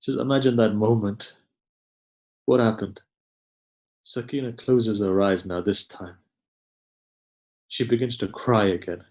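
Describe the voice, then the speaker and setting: A man giving a mournful sermon, recounting a tragedy in slow, grieving storytelling with dramatic pauses, sometimes dropping almost to a hush. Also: on the low side, steady tone. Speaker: preacher. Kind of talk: mournful majlis sermon narration.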